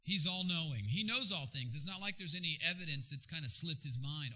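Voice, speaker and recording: A man preaching a sermon in an animated, jokey way with sudden bursts of energy. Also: on the high side, fairly quick, rough recording. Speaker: pastor.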